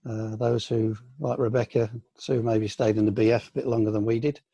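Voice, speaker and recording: An older man from the UK, a senior aikido teacher, reminiscing in a relaxed online question-and-answer session, with many ums and restarts. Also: on the low side, normal speed, slightly rough, no room sound, highs cut off. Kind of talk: casual online Q&A. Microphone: video call.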